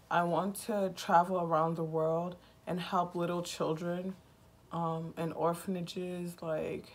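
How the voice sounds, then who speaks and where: A woman in her twenties from Nigeria chats through a get-to-know-me vlog. She speaks slowly in a flat, monotone way, her humor dry and sarcastic. Her voice sits a little low, with a faint hiss of background noise. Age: 20s. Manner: slow-talking. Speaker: vlogger.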